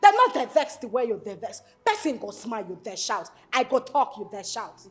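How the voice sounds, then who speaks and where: A woman's voice: a little fast, soft background music. An actress playing a brash, defiant young woman who speaks Nigerian Pidgin in a Nollywood film. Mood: scolding. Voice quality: high, lively, swaggering Pidgin talk.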